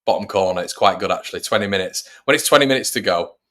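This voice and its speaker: Male fan host, low voice, chatty live match commentary to viewers. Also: quick pace, pushed and bright. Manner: chatty, addresses viewers as everybody. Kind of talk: live watch-along commentary.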